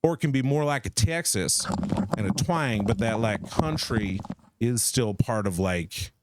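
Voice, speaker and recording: Medium-pitched and measured in pace, a male stream co-host muses aloud in a rambling, playful casual chat. The recording is very noisy.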